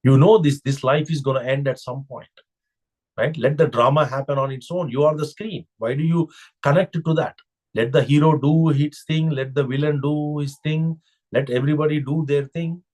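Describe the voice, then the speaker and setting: A man's voice: fairly high pitch, fairly even intonation, normal speed, a little mellow. A man giving a spiritual discourse as a teacher, reflective and full of rhetorical questions.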